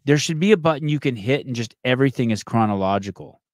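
A male podcast host chats casually, rambling, swearing often and restarting his sentences constantly. His mid-range voice is expressive and darkish, and he talks fast in a dry, studio-quality recording.

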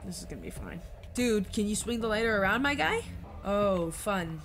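Expressive young woman streamer. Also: medium pitch, moderate pace. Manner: chatty, blunt, expressive. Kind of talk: let's play commentary.

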